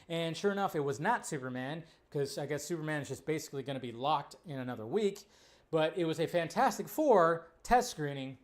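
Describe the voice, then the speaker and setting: A man hosting a casual live movie news stream, ranting incredulously, with profanity. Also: fairly high pitch. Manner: animated, incredulous rants with profanity.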